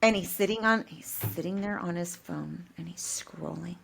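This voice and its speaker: A woman's voice: fairly low pitch, moderate pace, creaky, husky. A middle-aged woman co-hosting a podcast, telling a home story with laughs and acted-out quotes. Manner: animated, laughing, acts out quoted dialogue. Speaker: podcast co-host. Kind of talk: casual storytelling chat.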